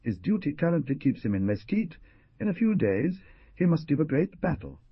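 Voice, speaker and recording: A man's voice: on the high side, sing-song, moderate pace, creaky, breathy edge, dry recording, voice pushed up, full character voice. A man voicing a brooding, stern young frontier hero who gives commands. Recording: dull dry lo-fi recording.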